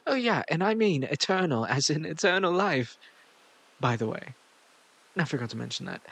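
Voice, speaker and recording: A man's voice: a little high, fairly bright tone, husky, voice pushed up, heavily acted. A man voicing an egotistical, possessive male god in an audio role-play, with a coaxing manner and a put-on foreign-sounding accent.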